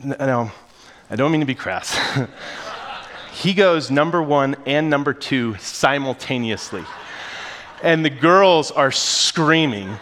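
A man, a pastor and father of three young boys, preaching a sermon in a casual, animated storytelling style. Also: medium pitch, slow pace.

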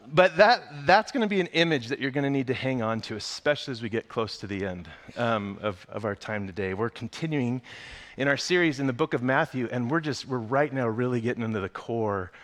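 Animated, self-mocking male preacher. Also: medium pitch. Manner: lively self-mocking storyteller, quick asides. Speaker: pastor. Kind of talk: sermon.

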